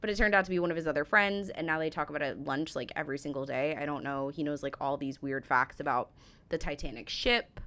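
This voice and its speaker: A woman's voice: sits low, fast talker, fairly bright tone. A young American woman gushing and rambling with lots of fillers while reacting to a travel video. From United States. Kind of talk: casual reaction commentary.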